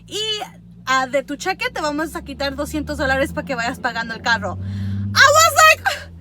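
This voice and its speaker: A young woman in her twenties telling a story to the camera, chatty and fast, slipping between Spanish and English. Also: high voice, sharp tone, a little hiss or hum. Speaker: vlogger.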